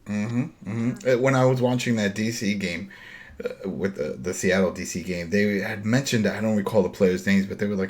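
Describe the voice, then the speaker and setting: A man with a Brooklyn accent hosting a casual wrestling podcast, blunt, animated and profane. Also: on the low side, normal speed. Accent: New York Brooklyn. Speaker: podcast host.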